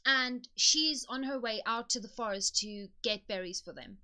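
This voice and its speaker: Bright-voiced woman retelling a fairy tale. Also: fairly high pitch, moderate pace. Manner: chatty, conversational narration. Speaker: book video host. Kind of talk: casual storytelling retelling.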